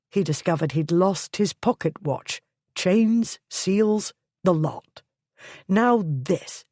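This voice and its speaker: Slow, low-voiced woman narrator. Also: no echo, clean studio sound. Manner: steady, measured reading. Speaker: audiobook narrator. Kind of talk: scripted narration.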